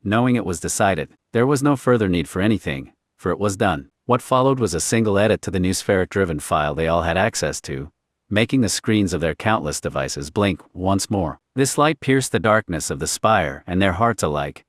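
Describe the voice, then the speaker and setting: A man reading a scripted story as narrator, in a deep, level reading voice. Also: lively intonation, fairly quick, dry recording, studio quality.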